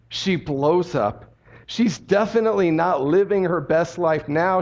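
A male pastor preaching a sermon in an animated, conversational storytelling manner. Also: on the high side, dull audio.

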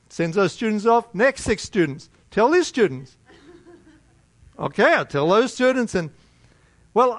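High-voiced American man preaching. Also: no room sound. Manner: animated, conversational, with many restarts. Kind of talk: sermon storytelling.

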